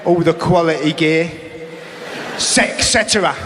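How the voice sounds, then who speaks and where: A middle-aged man doing a cheeky, wry stand-up routine, now and then bursting into shouted impressions. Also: on the high side, measured pace, background noise. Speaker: stand-up comedian. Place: large comedy venue with live audience. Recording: echoey hall with audience laughter.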